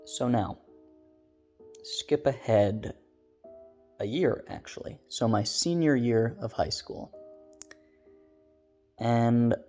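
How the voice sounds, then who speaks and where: A man's voice: mid-range voice, slow, pauses often, a little mellow, soft background music. A man telling an eerie first-person story in a casual, rambling way, full of filler words. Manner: rambling, loose, many "like" fillers.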